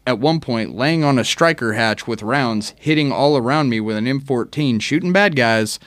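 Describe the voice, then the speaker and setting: A man, an army veteran and guest on a podcast, telling stories in a casual chat with animated, profane delivery. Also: mid-range voice, moderate pace, no room sound.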